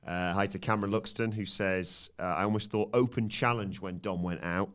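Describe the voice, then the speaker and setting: A man with a fairly low voice co-hosts a relaxed live podcast. He works through viewer messages and greets people in the chat with easy, offhand fillers. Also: normal speed, smooth. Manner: reads out chat comments with fillers.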